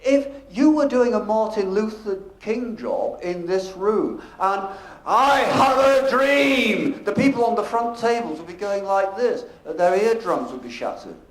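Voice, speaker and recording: A man giving a convention presentation on stage, with a measured, emphatic delivery that shifts in volume and pace. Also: high voice, expressive, a little mellow. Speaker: professional speaker presenting at a convention. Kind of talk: conference presentation. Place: convention function room. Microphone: handheld or stage microphone. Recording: echoey conference room.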